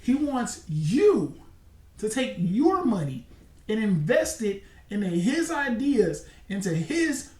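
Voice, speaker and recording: A man's voice: high voice, sing-song, slow, darkish tone. Man in his forties, roomy distant sound. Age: 40s. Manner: spinning a long hypothetical scenario, repeating points for emphasis. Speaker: commentator. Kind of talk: casual commentary. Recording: roomy echo, distant mic.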